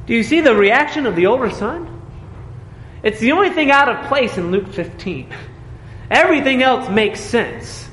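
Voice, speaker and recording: High-voiced man preaching in an echoey hall. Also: expressive, moderate pace, a bit bright, a little hiss or hum. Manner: earnest, emphatic preaching with rhetorical questions. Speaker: pastor. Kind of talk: sermon. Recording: echoey hall with faint ambience.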